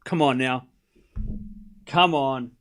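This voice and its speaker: A man's voice: medium pitch, takes it slowly, a bit bright. A man hosting a live tennis watchalong stream, commentating on points and playfully scolding and pleading with his chat.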